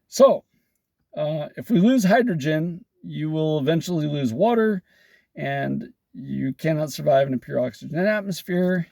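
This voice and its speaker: A man's voice: a little high, lively intonation, measured pace, creaky, a little mellow, no echo. A man with a welder's know-how, explaining technical problems in a casual talk with wry, sarcastic jokes. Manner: sarcastic, wry joking asides.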